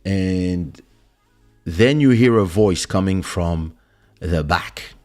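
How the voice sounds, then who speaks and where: A middle-aged man hosting a podcast, telling a story in a casual, animated way with laughs as he acts out quotes. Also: sits low, takes it slowly, faint music behind. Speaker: podcast host.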